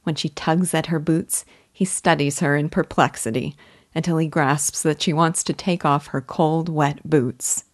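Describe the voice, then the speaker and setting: Low, dry-voiced woman narrator for a measured literature lesson. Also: steady tone, dry recording. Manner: earnest, admiring, measured reading. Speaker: literature guide. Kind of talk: scripted literary commentary.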